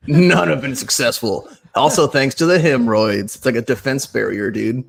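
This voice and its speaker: A man talking as a guest on a podcast in casual banter, telling deadpan jokes with rambling asides. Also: medium pitch, normal speed, creaky, breathy edge.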